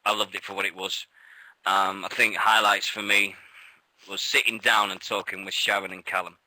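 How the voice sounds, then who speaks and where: A British man co-hosting a radio show in casual chat, an excitable storyteller who laughs often and swears freely. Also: deep voice, moderate pace, dry recording, low-quality recording. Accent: British English.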